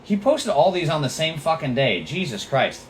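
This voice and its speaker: A man's voice: on the high side, very animated, normal speed, a little hiss or hum. A man hosting a political podcast livestream, talking in a profane, sarcastic, mocking way. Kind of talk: livestream commentary.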